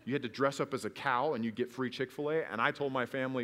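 A man's voice: mid-range voice, fairly even intonation, fast talker, few pauses, a bit bright, long reverb tail. A man preaching a sermon at a church service, telling stories and asking rhetorical questions, earnest and building to emphatic peaks. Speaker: pastor.

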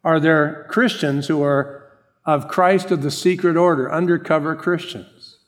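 A middle-aged man preaching a sermon as pastor, animated, acting out the people he quotes. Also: a little high, measured pace.

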